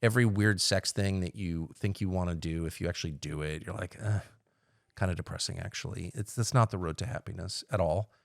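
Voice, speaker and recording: A middle-aged man, a podcast guest, talking candidly and wryly, dropping to low mutters and then jumping up in loud bursts. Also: brisk, hardly any pauses, no echo, clean studio sound. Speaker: podcast guest, political commentator. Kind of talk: casual conversation.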